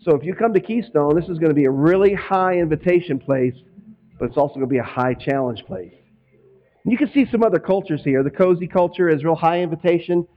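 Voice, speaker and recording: Chatty pastor guy from northwest indiana preaching, kinda high voice, muffled lo-fi sound. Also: fast talker. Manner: conversational, acts out quoted voices. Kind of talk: sermon.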